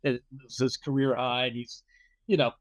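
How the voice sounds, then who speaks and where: Middle-aged man talking haltingly. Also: mid-range voice, little pitch movement, dry recording. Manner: halting, hunts for words. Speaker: guest. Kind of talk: casual chat.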